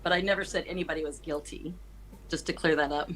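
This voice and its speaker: A woman hosting a live stream, chatting casually and thinking out loud as she comments on news. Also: low-pitched, steady tone, fast, a little hiss or hum, low-quality recording. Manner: chatty, thinks aloud, repeats herself. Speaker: livestream host.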